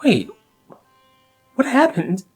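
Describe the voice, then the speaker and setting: A man voicing a sweet, soft-spoken older woman who teaches science, hurt and then apologetic. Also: on the high side, sing-song, slow, breathy edge, faint music behind, pitched above the performer's own voice, exaggerated voice. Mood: heartbroken.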